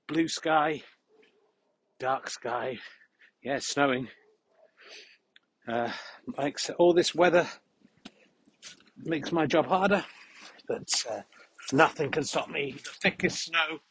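A man hosting a podcast while walking outdoors in a field, rambling in a mock-serious, deadpan way. He is a little out of breath and slightly unwell. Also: fairly high pitch, husky, no echo. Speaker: podcast host. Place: outdoors in a field on a cold windy day.

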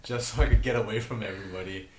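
A man's voice: lowish voice, steady tone, rapid-fire, background noise. Teasing young man, roomy sound. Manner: teasing, dry. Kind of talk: casual banter.

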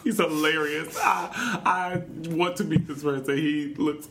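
A man with a North Carolina accent co-hosting a chatty podcast, animated and teasing, laughing often. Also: on the high side, a little slow, noisy background. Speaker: podcast co-host. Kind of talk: casual chat.

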